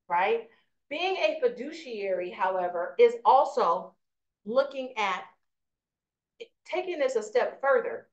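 A middle-aged woman teaching a live real estate class, telling stories with lively energy and often checking in with "right?". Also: high-pitched, moderate pace. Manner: animated storyteller, asks "right?" often. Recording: echoey lo-fi room recording.

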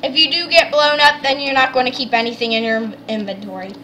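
A woman hosting a let's play, chatting excitedly and explaining the game as she goes. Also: sits high, a little fast, a little hiss or hum. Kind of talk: casual gameplay chat.

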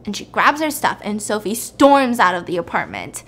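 A woman's voice: mid-range voice, moderate pace, slightly rough. A young woman hosting a show, casually and animatedly retelling a film plot in a chatty way. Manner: animated, chatty, acts out scenes. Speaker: host.

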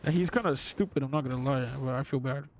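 A young man giving excitable gameplay commentary, exclaiming and swearing under his breath. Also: mid-range voice, quick pace, slight background noise. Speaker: gamer. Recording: game gunfire and beeps behind.

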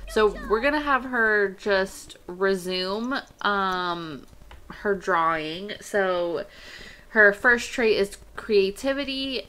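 Casual woman host narrating her game slowly, bright and chatty. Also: mid-range voice. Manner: chatty, thinking aloud with many fillers. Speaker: let's play host. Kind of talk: casual gameplay commentary.

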